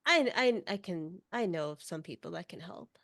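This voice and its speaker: A woman's voice: on the low side, lively intonation, normal speed, vocal fry, a bit bright, no echo. Woman player in a tabletop game, coy and dodgy, dry close mic. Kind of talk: in-character tabletop play.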